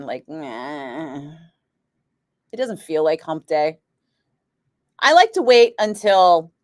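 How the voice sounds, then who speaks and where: A woman radio DJ spins a casual story, acting out the other people's lines as she goes and dropping "like" everywhere. Her voice sits in the middle of the range for a woman. She is close on a studio microphone, and the sound is dry with no room echo. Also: mid-range voice. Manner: animated, acts out quoted voices, frequent "like". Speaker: radio DJ chatting with a live stream.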